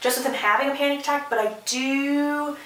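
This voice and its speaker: Chatty, opinionated woman doing a book recap; high, bright voice; echoey room, set back from the mic. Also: brisk, distant mic. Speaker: book vlogger. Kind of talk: casual plot recap.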